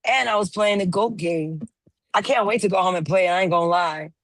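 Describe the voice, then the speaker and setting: A slightly hoarse woman chatting casually as a call-in panelist, teasing playfully as she tells stories. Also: lowish voice, a little fast, dry recording. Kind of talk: casual chat.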